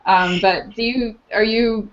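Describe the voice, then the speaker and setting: A woman's voice: fairly high pitch, fairly even intonation, slow, muffled recording. A woman co-host asking a guest rambling questions, full of fillers and restarts. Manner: hesitant, many fillers. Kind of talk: casual interview questions.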